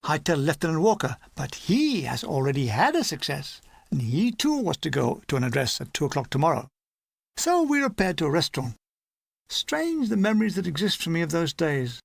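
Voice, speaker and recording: A man reading a war memoir aloud as an audiobook narrator, lively and animated, slipping into character voices. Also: on the high side, brisk, gravelly, dry recording. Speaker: audiobook reader.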